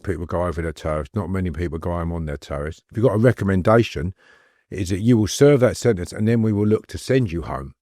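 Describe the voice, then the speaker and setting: Middle-aged man, very deep voice, rambling anecdotal guest, dry close sound. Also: fast talker, dark tone, no echo. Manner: rambling, anecdotal, laughs while telling stories. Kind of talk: casual storytelling interview.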